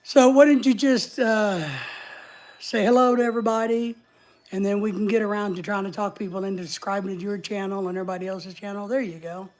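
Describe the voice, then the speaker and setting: A woman's voice: mid-range voice, fairly even intonation, fairly quick, a little mellow. A woman hosting a casual livestream, chatting in a rambling way and reading viewer comments aloud. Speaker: livestream host.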